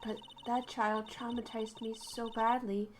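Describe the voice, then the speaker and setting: A woman's voice: a little high, level tone, unhurried, a little hiss or hum, voice pushed down, close to an everyday voice. A woman voicing a nervous young rookie lawyer who talks in a flustered, defensive way. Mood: determined.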